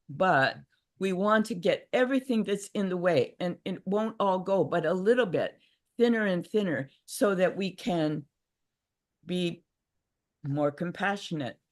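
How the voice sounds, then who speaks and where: An older woman giving a gentle, reflective talk on a livestream video call, with frequent restarts. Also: on the low side. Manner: reflective, gentle, many restarts and acted inner voices. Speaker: workshop speaker. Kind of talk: casual teaching talk. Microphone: video call mic.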